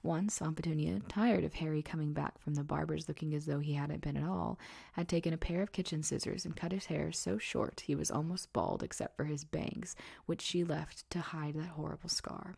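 A woman narrating a storybook in a soft, hushed, steady reading. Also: deep voice, normal speed, creaky, slightly rough.

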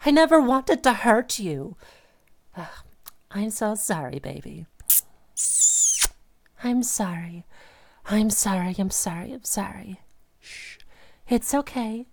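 An unstable, possessive young woman, played by an actress in an audio role-play, whose voice lurches from soft cooing to sharp anger in an instant. Her pitch sits in an ordinary middle range, and her quieter asides turn breathy and hushed. She talks straight at the listener as if they were pinned in front of her. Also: animated, takes it slowly, long pauses, heavily acted. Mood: frantic apologetic. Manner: swings between sweet cooing and sudden rage. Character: volatile, obsessive young woman who holds her partner captive.

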